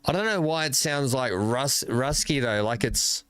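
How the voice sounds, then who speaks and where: A man hosting a live stream, talking casually and haltingly into his desk microphone while he fixes his audio. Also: medium pitch, animated, a bit bright, smooth, dry recording. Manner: halting, mumbling, fixing his mic. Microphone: desk microphone with filters.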